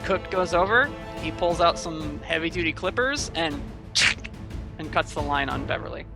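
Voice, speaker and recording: A man narrating a tabletop game as game master, describing scenes in a steady, detailed way. His voice sits a little high. Music plays clearly behind him. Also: moderate pace, rough recording.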